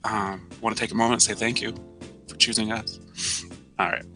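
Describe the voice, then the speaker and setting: A man hosting a live-streamed show in casual chat, joking and laughing often, with soft music behind. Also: lowish voice, level tone, a little fast. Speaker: show host. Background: soft background music.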